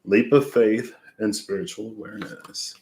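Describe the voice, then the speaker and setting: Low-voiced guy rambling thru a tarot reading, lots of "like", hunting for words. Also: steady tone, normal speed, darkish tone, slight background noise. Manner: rambling, searching for words, many fillers. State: out of breath. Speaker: tarot reader. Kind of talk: reflective casual monologue.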